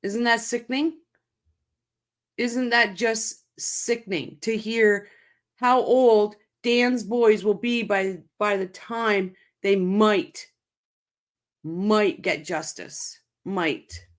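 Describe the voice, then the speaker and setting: A woman's voice: mid-range voice, steady tone, drawn-out words. A woman hosting a livestream, talking to her chat in a heated, swearing rant, angry and upset, speaking in short repeated bursts. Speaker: channel host reacting to a court case. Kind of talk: livestream commentary, reading chat.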